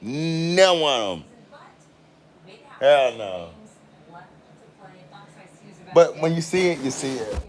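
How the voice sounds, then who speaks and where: A man's voice: fairly high pitch, sing-song, slow, pauses often. A man with an American country accent ranting in a heated, profane monologue. He swears constantly and repeats himself for emphasis. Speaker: commentator.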